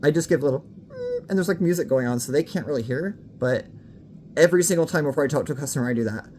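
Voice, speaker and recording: A woman's voice: deep voice, rapid-fire, a little mellow, slight background noise. A woman talking casually to camera for her vlog, frank and candid, swearing freely and a little out of breath. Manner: slightly out of breath. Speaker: vlogger.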